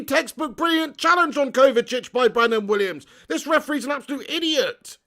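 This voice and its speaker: A young man hosting a live football watch-along, excitable and swearing as he shouts at the referee. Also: very high voice, moderate pace, gravelly, few pauses. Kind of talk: live match commentary and chat.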